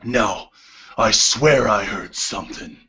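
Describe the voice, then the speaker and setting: A man voicing a gruff, suspicious male duergar boss who snaps at his crew in a tabletop game. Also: lowish voice, slow pace, pushed and bright, full character voice.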